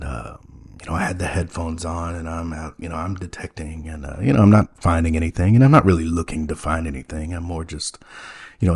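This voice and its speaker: A man with a low, mellow voice and a husky edge tells a comedy story in a deadpan, wide-eyed way. He halts often, filling gaps with ums and you-knows as he plays it earnest. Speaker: podcast host playing a naive character.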